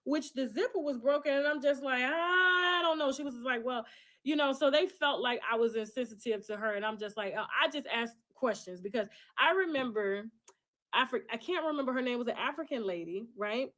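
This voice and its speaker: A high-pitched woman talks straight through a personal story without softening anything. She swears freely, leans hard on key words and slips into other people's voices to act out what they said. Her delivery is that of an online commentator holding forth. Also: brisk. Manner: blunt, profane and emphatic; acts out other people's lines mid-story. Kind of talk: casual storytelling monologue.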